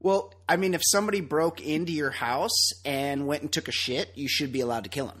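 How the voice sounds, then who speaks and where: Husky, opinionated man co-hosting. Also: fairly high pitch, fairly quick. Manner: loud, opinionated, profane and laughing. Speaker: podcast co-host. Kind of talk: casual podcast banter.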